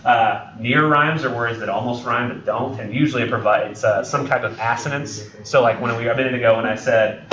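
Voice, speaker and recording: Briskly and with few pauses, a medium-pitched man lectures as a college English instructor in a spacious classroom, joking and rambling with frequent ums and self-corrections. Crowd noise is present, and the recording sounds roomy, distant, dull and lo-fi.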